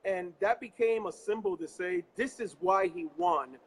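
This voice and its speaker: A man's voice: high-pitched, moderate pace, slight background noise, poor audio. A man from New York hosting a live interview show, speaking earnestly like a preacher, recorded on location instead of at his office. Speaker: host.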